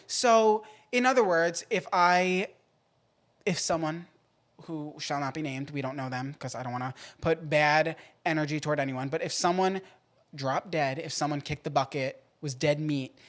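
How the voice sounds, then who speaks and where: A man hosting a podcast in a casual, playful way, swinging between loud outbursts and quiet asides. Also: on the high side, normal speed. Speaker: podcast host.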